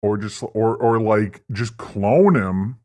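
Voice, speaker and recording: A man's voice: lowish voice, slow, darkish tone. A man hosting a livestream, delivering a profane, rambling, mock-earnest political rant. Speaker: livestream host. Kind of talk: satirical political stream rant.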